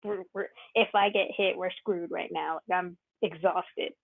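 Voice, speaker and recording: A woman's voice: fairly low pitch, steady tone, measured pace, vocal fry, dry recording. A woman playing in a tabletop game, casual and playful, laughing often. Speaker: player. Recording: tinny phone-like line.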